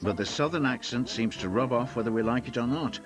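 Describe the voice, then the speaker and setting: A man's voice: medium pitch, fairly quick. A man narrating a documentary in a wry, dryly humorous way. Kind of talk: scripted narration. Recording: music bed under narration.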